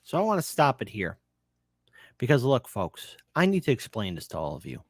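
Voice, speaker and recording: A man hosting a livestream, pausing a clip to react in an animated, sarcastic way and talking straight to his viewers. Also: mid-range voice, no room sound, studio quality. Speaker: livestream host.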